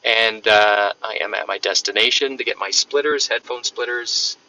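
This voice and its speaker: A podcast host, speaking on the road, explains ideas in a relaxed, conversational solo episode. His voice is lowish, pushed and bright, at a moderate pace. The recording sounds distant and dull, lo-fi with faint noise.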